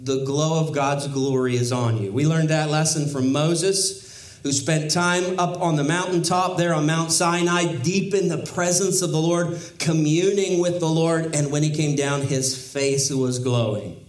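A man gives a sermon in a plain, conversational teaching voice that sits a little higher than most men's. He drops in wry asides and lifts his voice to stress a point. The sound carries a noticeable room echo. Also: unhurried. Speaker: pastor. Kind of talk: expository sermon.

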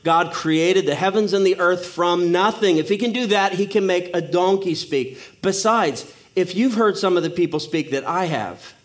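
High-voiced man preaching with humor. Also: moderate pace, hardly any pauses. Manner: humorous storytelling, acting out voices. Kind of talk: sermon.

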